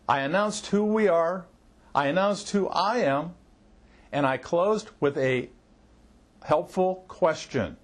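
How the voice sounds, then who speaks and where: A middle-aged man, a marketing coach, giving a training talk and acting out sample phone greetings with shifting emphasis. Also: a little high.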